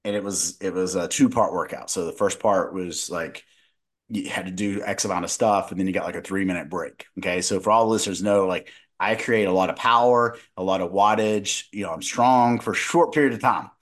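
A brisk, low-voiced man in his thirties, a dietitian who co-hosts a podcast, chats casually. He tells a story with many restarts.

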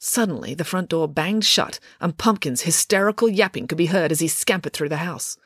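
A woman narrating a children's storybook in an expressive, playful reading. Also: on the low side, fairly quick, few pauses, slightly rough, no room sound, studio quality. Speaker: author and narrator.

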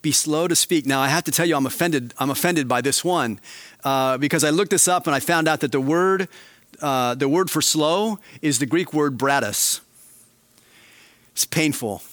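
A male pastor preaching a sermon, swinging between quiet, slow emphasis and animated, raised passages. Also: on the high side, no room sound.

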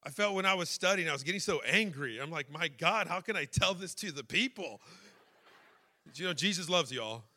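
A man preaching a sermon, emotional and personal, building to shouted fervor. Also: on the high side, animated, brisk, a faint crowd.

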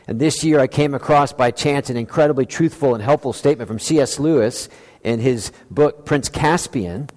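A man preaching a sermon as pastor, earnest and reflective, with slow emphatic phrasing. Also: medium pitch, darkish tone. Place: church sanctuary. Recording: long hall reverb.

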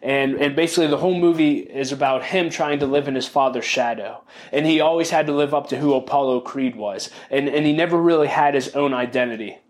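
An earnest man talks through personal lessons on his podcast in a plain monologue. His voice sits at a medium pitch. He speaks reflectively and openly, often restarting sentences and repeating the phrases that matter to him. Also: fairly quick, few pauses. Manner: openly emotional, calls himself sensitive. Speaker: podcast host.

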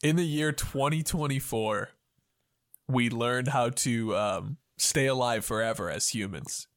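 A man voicing a frantic future-self train conductor, pleading and high at first, then slow and low. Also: no echo, studio quality, lightly acted. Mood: earnest.

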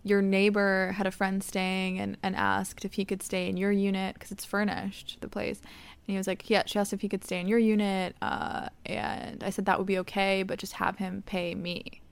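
A young woman with a smooth, clear voice chats casually as a podcast host. She tells stories with lively quoted voices and laughs often, at a middle pitch. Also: moderate pace, no echo. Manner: animated storytelling, laughs often, quotes others. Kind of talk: casual chat.

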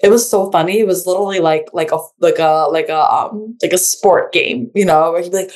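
A woman speaking in casual conversation as a guest, halting and filling her speech with "like" and restarts. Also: on the low side, a little mellow.

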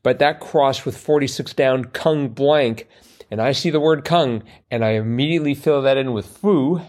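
A man's voice: mid-range voice, moderate pace, darkish tone. A man, co-hosting a casual chat about a crossword, rambling and joking at his own expense. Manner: joking, rambling, self-mocking. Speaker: podcast co-host.

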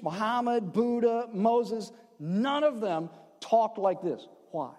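A male pastor preaching a sermon, conversational and joking, swinging between loud emphasis and hushed, slowed phrases. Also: sits high, breathy edge. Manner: conversational, with asides and playful jokes. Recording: long hall reverb.

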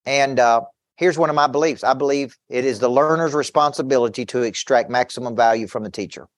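A man's voice: medium pitch, brisk, no echo, studio quality. A man who works as a business coach, giving an intense motivational seminar talk to an audience, telling stories with quoted back-and-forth dialogue and repeating words as he pushes his points.

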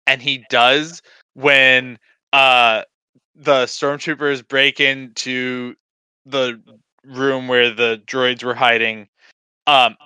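Bright, crisp-voiced man chatting animatedly. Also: mid-range voice, no echo. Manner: animated, laughing, full of hedges and restarts. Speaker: podcast co-host. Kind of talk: casual film discussion.

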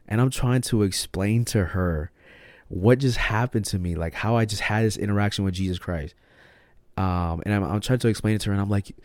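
Young male podcast host, low-pitched, dry close sound, slangy, shifts from hushed to fired up. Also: dry recording. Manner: slangy and emphatic, says "bro" and "like" a lot; swings from hushed to loud and excited. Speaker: podcast host sharing his testimony. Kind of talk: casual personal testimony.

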